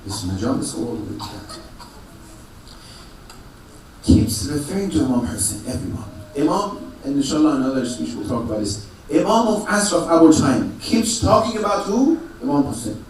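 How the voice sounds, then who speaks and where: A man preaching to a congregation in a strongly echoing prayer hall, caught from a distance with faint room noise behind him. His voice sits a little high. He asks rhetorical questions, answers them himself, and comes back to the same phrases again and again. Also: sing-song, normal speed. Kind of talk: religious sermon to a congregation. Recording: echoey hall, mic far off.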